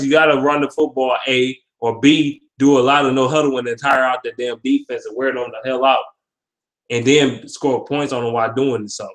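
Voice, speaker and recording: A man giving a football predictions vlog, reading comments and trash-talking with lots of profanity. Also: medium pitch. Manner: profane, animated, laughing trash talk. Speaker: sports vlogger. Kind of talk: casual trash-talk commentary.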